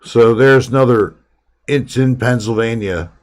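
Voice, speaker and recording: A man's voice: mid-range voice, measured pace. A man hosting a live stream, chatting casually and rambling from topic to topic with his viewers.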